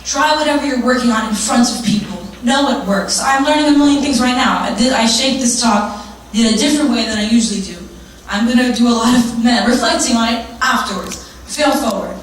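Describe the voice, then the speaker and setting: A woman's voice: fairly high pitch, fairly quick, a little hiss or hum. Candid, emphatic woman in an echoey hall. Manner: candid and emphatic, with frequent swearing and repeated catchphrases. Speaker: workshop speaker. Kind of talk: motivational talk to an audience. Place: live venue with an audience. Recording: very echoey live room, distant mic.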